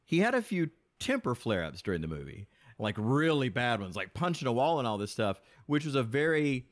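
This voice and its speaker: A man chats as a podcast guest in an easygoing, enthusiastic way, starting sentences over as his thoughts run ahead. His voice sits at a middle pitch. The recording is dry and close, with no room sound. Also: very animated, brisk, dry recording. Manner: chatty, enthusiastic, with frequent restarts. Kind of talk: casual podcast chat.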